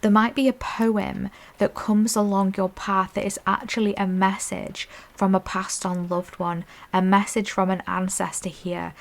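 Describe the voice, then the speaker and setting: A woman giving a soft, affirming pick-a-card tarot reading, often checking in with "okay?" and "I'm hearing.". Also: medium pitch, level tone, a little slow, vocal fry, hardly any pauses. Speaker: intuitive tarot reader.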